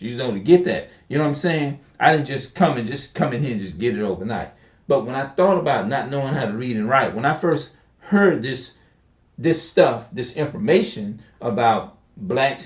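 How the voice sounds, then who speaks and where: A man talking casually into his camera in a slangy, rambling way, often repeating himself and now and then reading scripture aloud. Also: medium pitch. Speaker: video creator. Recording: echoey room.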